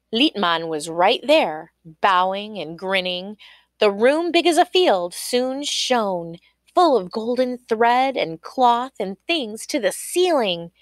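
A woman reading a children's folk tale aloud in an expressive storytelling voice. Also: mid-range voice, no room sound, clean studio sound. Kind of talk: storybook read-aloud narration.

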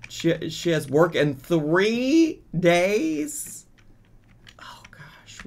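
A man's voice: a little high, expressive, slow pace, vocal fry. A man giving casual let's-play commentary as a gaming streamer, exasperated and bossing his game characters around.

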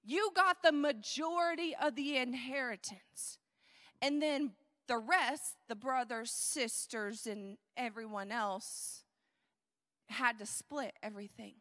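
High, bright woman preaching slowly. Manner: animated, conversational, uses repetition. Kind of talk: sermon.

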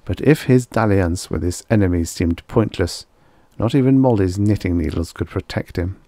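A man narrating a vintage science fiction short story at a measured pace. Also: low-pitched, mellow, dry recording. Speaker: audiobook narrator.

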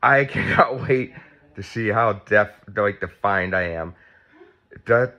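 A man's voice: medium pitch, fairly bright tone. A man in his fifties vlogging at home, sore and tight after surgery, chatty and blunt and swearing freely. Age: 50s. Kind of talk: casual vlog talk. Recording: dull lo-fi sound.

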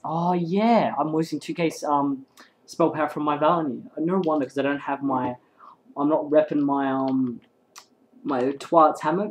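A man commentates a game in an excitable, rambling stream, swearing freely as he goes. His voice sits at an ordinary middle pitch. Faint keyboard clicks tap away behind him. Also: slight background noise, poor audio. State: hyped up and sleep-deprived. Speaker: game caster.

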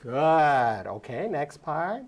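A woman's voice: sits low, big pitch swings, extremely slow, over loud music. A woman giving a violin masterclass, encouraging her student in short coaching phrases and humming passages to show how they go. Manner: hums and sings phrases to demonstrate. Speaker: violin teacher. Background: violin playing.

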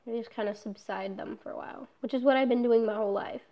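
A woman's voice: on the high side, steady tone, quick pace, muffled recording. A young woman in a casual personal vlog, talking candidly, swearing often and trailing off with fillers. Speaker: vlogger.

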